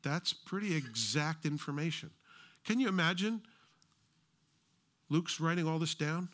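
American man, middle-aged, preaching a sermon, chatty, jokey asides, somewhat high voice. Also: lively intonation, a little slow, a bit bright. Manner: conversational, joking asides. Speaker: pastor.

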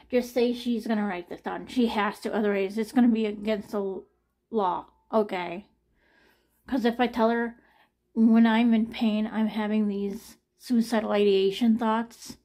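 A woman's voice: mid-range voice, darkish tone. A woman in her forties talking anxiously to camera in a personal late-night vlog, sighing often and trailing off. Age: 40s. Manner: anxious, frequent sighs, trailing off. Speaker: vlogger.

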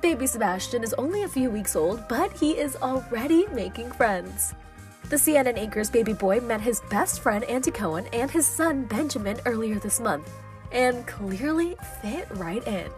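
Female news voice-over, upbeat and breezy, slightly high, light music bed. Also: animated, normal speed. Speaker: entertainment news narrator. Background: faint music bed.

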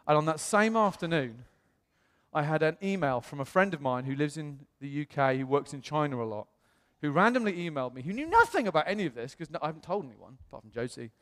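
A man from the United Kingdom preaching in a church, telling his story in a chatty, animated way with self-quotes. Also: a little high, fast. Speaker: pastor. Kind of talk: storytelling sermon. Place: church hall. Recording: long church-hall reverb.

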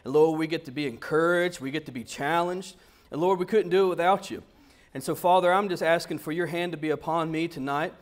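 High-voiced preacher telling a story. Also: male voice, a little fast. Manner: animated, conversational storytelling. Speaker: pastor. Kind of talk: storytelling sermon.

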